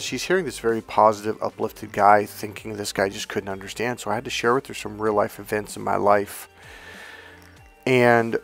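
A man working as a dating and relationship coach, telling an unscripted story in an energetic, earnest way with rambling restarts. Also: on the low side, gravelly.

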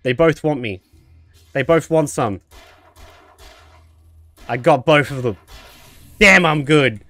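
A man's voice: mid-range voice, slow, no echo. A man streaming a video game with casual commentary, joking, cocky and swearing.

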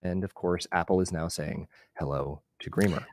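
Male instructor, lower voice, dry close sound, easygoing live tutorial delivery over a video call. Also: normal speed, no room sound. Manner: relaxed, explanatory, thinks aloud while clicking through. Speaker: webinar instructor. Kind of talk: live screen-share tutorial.

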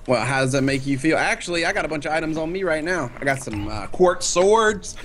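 A man's voice: fairly high pitch, expressive, fairly quick, a little hiss or hum. A young man playing a game with a friend, teasing him playfully and bursting into mock outrage. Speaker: co-player, guest. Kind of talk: casual gaming chat.

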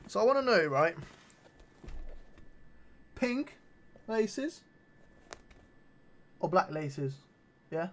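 A young man chatting casually in a vlog, full of slang and swearing as he shows off his shoes. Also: on the high side. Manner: animated slangy banter with frequent swearing. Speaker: vlogger. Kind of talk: casual chat showing his shoe collection.

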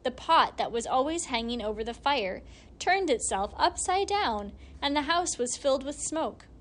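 A woman reading a storybook aloud in steady, measured narration. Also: high-pitched, a little hiss or hum. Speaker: reader.

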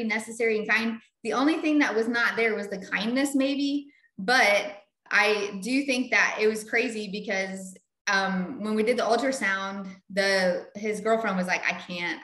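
A middle-aged woman, leading a Bible study and telling a story in animated casual chat. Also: mid-range voice. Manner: animated, acts out quoted voices. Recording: echoey room.

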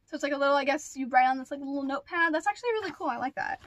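A young woman vlogger chatting casually through an unboxing, gushing and excitable with lots of gasps and fillers. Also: high voice, racing.

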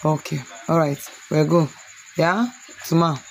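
A woman from Sierra Leone with a Krio accent, vlogging outdoors in a family compound on a handheld phone. She teases with quick questions and also explains things. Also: sits low, fairly even intonation. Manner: teasing, rapid questioning, then explaining. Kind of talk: casual vlog talk, teasing and touring.

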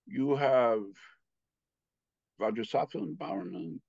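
A man's voice: fairly low pitch, takes it slowly, gravelly, darkish tone, no room sound, full character voice. A man voicing a fierce elderly male lama teacher who talks in short, clipped exclamations. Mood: probing. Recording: slightly muffled dry recording.

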